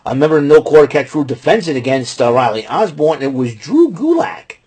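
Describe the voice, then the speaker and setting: Male host, husky voice, loose rambling recap with lots of "uh" and "you know". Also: a little high, sing-song, brisk, darkish tone. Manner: rambling, many fillers and restarts. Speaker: podcast host recapping wrestling. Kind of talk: casual spoken recap.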